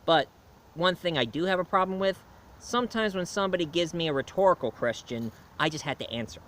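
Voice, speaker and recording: A man's voice: a little high, expressive, fairly quick, a bit bright, slight background noise. A man giving a casual film and comic review, rambling along with many fillers and restarts.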